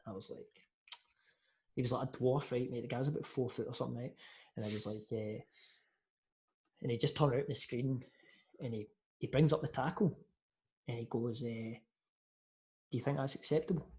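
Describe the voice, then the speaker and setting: A young Scottish man, a podcast guest, telling football stories in a lively casual way and acting out what people said. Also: mid-range voice, moderate pace, pauses often. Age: young adult. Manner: lively anecdotes, says mate a lot, acts out quotes. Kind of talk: casual storytelling chat.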